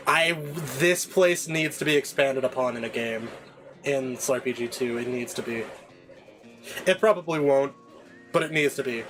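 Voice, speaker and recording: A man streaming a game and chatting casually between the scenes, with animated, laughing asides. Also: mid-range voice, moderate pace. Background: faint game music.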